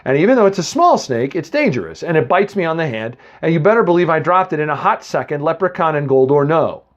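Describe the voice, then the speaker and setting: A man's voice: fairly high pitch, big pitch swings, quick pace, muffled recording. Chatty man telling a rambling comic story. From Boston area. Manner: rambling, chatty, full of asides to the listener. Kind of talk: comic first-person story reading.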